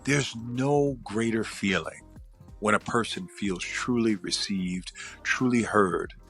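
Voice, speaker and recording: A man's voice: lowish voice, slow pace, a bit bright, soft background music. A man, a psychologist hosting a podcast, giving casual relationship advice and acting out what partners might say to each other.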